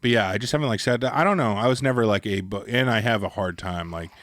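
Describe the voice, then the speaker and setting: A man's voice: on the low side, fast, a bit bright, no room sound. A man co-hosting a casual podcast chat, laid-back and laughing often. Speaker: podcast co-host.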